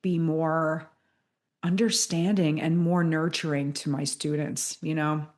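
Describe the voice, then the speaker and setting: A woman's voice: low-pitched, flat delivery, measured pace, a little mellow. A middle-aged woman co-hosting a podcast, talking in a blunt, joking way. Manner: blunt, joking, swears for effect. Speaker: podcast co-host. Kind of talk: casual chat.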